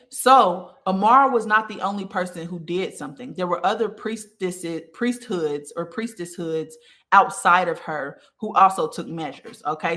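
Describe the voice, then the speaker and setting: A woman's voice: on the low side, pushed and bright. A woman giving a casual spiritual talk, addressing her listeners directly and often checking in with "okay". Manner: conversational, many fillers like okay and like. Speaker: spiritual teacher.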